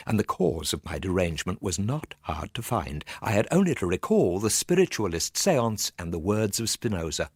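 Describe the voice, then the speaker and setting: A man narrating a dark, suspenseful story in a tense voice that swings from low murmurs to urgent bursts. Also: breathy edge, no echo, studio quality.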